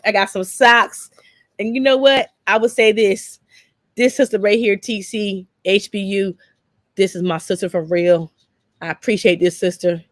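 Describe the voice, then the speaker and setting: A woman's voice: mid-range voice, fairly bright tone, no room sound. A woman talking emotionally on her own live stream, her words tumbling out with stammers and repeats. She sounds as if she has just been crying. The sound is dry and close.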